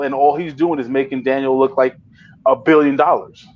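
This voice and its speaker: A man's voice: fairly high pitch, brisk. A man telling stories in a casual podcast chat, swearing and getting worked up. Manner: profane, excitable storyteller. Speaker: wrestling promotion owner. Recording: dull lo-fi audio.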